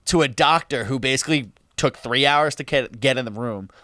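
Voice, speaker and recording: A man's voice: medium pitch, fairly quick, no echo, clean studio sound. A man co-hosting a podcast, telling a story in casual, profane chat and laughing as he goes. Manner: animated, profane, laughs while telling stories. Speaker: podcast co-host.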